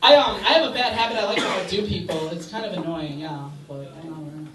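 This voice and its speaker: A man's voice: high-pitched, brisk. A man doing a stand-up comedy set in a bar, with crude, brash shock jokes. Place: bar comedy stage, indoors. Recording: echoey bar, distant mic, loud crowd.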